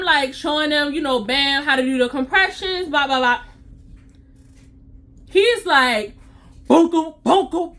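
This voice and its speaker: A woman CPR instructor telling a story to her vlog audience in a sassy, animated way. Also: sits high.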